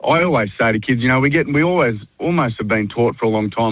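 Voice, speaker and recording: A man's voice: mid-range voice, fast talker, no echo. An Australian man being interviewed on radio, talking earnestly and casually, calling everyone mate. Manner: blokey, says mate constantly, earnest. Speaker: workshop facilitator and guest. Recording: tinny phone line.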